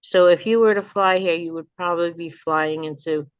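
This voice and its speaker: A woman's voice: on the low side, moderate pace, clean tone, no room sound, lo-fi sound. A woman from New Jersey with a North Jersey accent, chatting as a guest in a casual interview over a video call. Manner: chatty, animated storyteller. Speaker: guest, memoir author.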